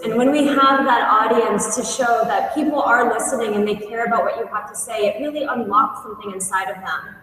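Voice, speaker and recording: A woman teacher giving a conference talk, telling stories in an earnest, animated way. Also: high voice, a little hiss or hum. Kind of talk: storytelling presentation. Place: large conference hall. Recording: echoey hall, voice from far off.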